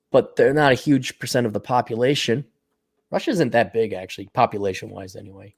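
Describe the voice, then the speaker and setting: A man's voice: mid-range voice, animated, a little fast. A middle-aged man hosting a solo podcast, talking casually and bluntly with lots of profanity and sardonic asides, just woken up. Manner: blunt, profane, sardonic, laughs at own jokes. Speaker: podcast host. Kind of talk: casual solo podcast rant, reading listener donations.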